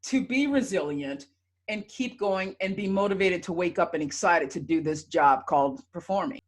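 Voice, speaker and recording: A woman's voice: on the low side, lively intonation, normal speed. A woman hosting an interview as a coach, asking encouraging questions. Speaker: host and coach.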